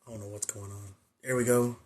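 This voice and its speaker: A hoarse young man, a nurse and exam coach, chatting loosely on his livestream into a phone and repeating his greetings. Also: lowish voice, little pitch movement, brisk, darkish tone, slight background noise. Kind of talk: casual livestream chat.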